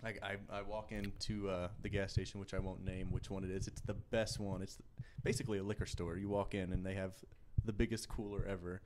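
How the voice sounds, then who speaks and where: A man's voice: sits low, little pitch movement, a little fast, few pauses, background noise. A man co-hosting a podcast, rambling through a story in casual banter with lots of restarts. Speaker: podcast co-host.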